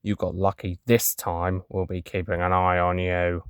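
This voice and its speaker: A man's voice: low-pitched, level tone, normal speed, clear, resonant tone, no echo, clean studio sound, natural voice. A man voicing a stern comic-strip police officer who arrests people for farting. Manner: stern, tough-cop talk.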